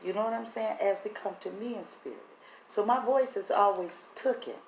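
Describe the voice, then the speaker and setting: A woman's voice: mid-range voice, creaky, a little mellow. Tearful woman talking in an echoey room. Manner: earnest, halting, voice catching with emotion. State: voice breaking, teary. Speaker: vlogger sharing spiritual impressions. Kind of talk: emotional direct-to-camera talk. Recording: echoey room, faint background hum.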